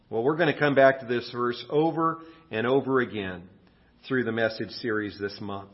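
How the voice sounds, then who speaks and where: Pastor with a cold, lively storytelling. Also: male voice, mid-range voice, moderate pace, highs cut off. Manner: storytelling with big acted-out exclamations. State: getting over a cold. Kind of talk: sermon.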